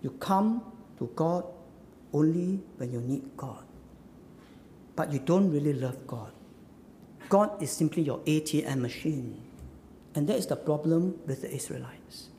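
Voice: mid-range voice, animated, measured pace, long pauses, warm tone, big-room sound, slight background noise. A preacher giving a sermon, emphatic and full of repeated rhetorical questions, tagging points with "huh?". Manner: repeats phrases and tags lines with "huh?".

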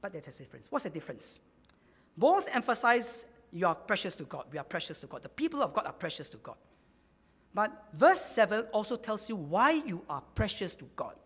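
A man's voice: sits high, very animated, fairly quick, fairly bright tone, husky, long reverb tail. A man preaching a sermon, repeating key phrases for emphasis.

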